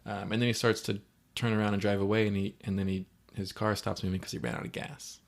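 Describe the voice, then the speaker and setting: Man, low gravelly voice, casual podcast co-host, animated movie recap. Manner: animated retelling, acting out lines in quick quoted voices.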